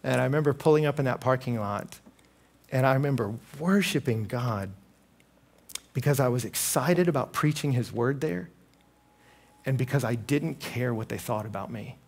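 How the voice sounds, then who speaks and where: A gravelly, somewhat husky man in his thirties preaches a sermon. He tells his stories in an animated way, and his pitch climbs sharply when he acts out other people's words. He sits at a middle pitch for a man. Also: moderate pace. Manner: animated storytelling, acting out quoted voices with big pitch jumps.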